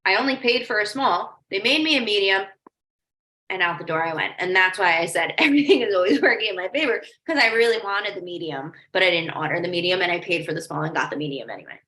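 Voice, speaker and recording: Animated and fast-talking, this woman coach has a mid-range voice with a sharp tone. Leading a casual training, she chats with lots of "like" and storytelling asides, and the room sounds echoey.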